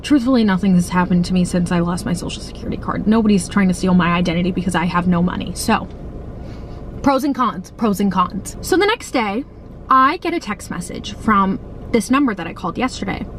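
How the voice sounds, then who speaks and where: A woman's voice: mid-range voice, expressive, brisk, slight background noise, low-quality recording. A young woman in her twenties chatting casually in a parked car, telling a story, swearing freely and acting out the quotes. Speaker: vlogger.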